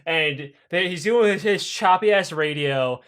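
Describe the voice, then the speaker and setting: A man's voice: on the high side, slow pace, a bit bright, clear, resonant tone. A man co-hosting a comedy history podcast, telling the story in a rambling, profane way full of laughter. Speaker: podcast co-host.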